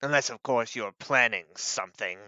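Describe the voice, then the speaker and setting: A man voicing a menacing dragon in a deep, grumbling voice for a tabletop game. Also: normal speed, pushed and bright, dry recording. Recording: dull lo-fi mic.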